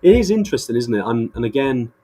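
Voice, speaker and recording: A man's voice: mid-range voice, very animated, quick pace, a loud crowd. A man co-hosting a podcast in casual chat, enthusiastic and rambling with many restarts. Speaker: podcast co-host.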